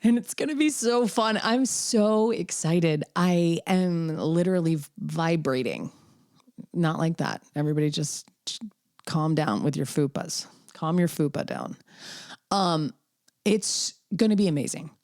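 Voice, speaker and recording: Woman host, deep voice, excitable chatty promo read, dry close mic. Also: unhurried, no room sound. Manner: bubbly, excitable, rambling. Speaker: podcast host. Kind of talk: casual podcast promo.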